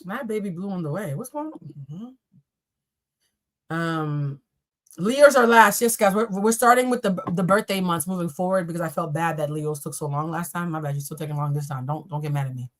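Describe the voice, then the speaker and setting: A woman's voice: on the low side, normal speed. Chatty, profane woman reading tarot live. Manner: chatty, profane, joking asides to viewers. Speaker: tarot reader.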